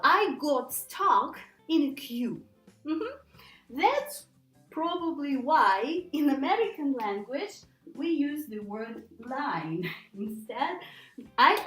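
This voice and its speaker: Lively high-voiced woman teaching pronunciation. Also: reverberant, poor audio. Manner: patient, repeats words slowly for learners. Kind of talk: pronunciation lesson.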